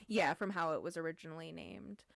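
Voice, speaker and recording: A woman's voice: low-pitched, a little fast, vocal fry, dry recording. Chatty woman with a dry close sound. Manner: chatty, many "um"s and "like"s. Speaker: book club podcast host. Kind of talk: casual chat and book summary.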